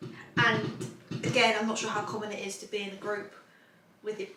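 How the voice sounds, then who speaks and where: A woman in her 20s hosts a casual podcast, chatting and rambling with frequent laughter. Her medium-pitched voice is bright and forceful but flat in delivery and a little fast. The recording has a slight hiss or hum, with the mic at a distance in a roomy space.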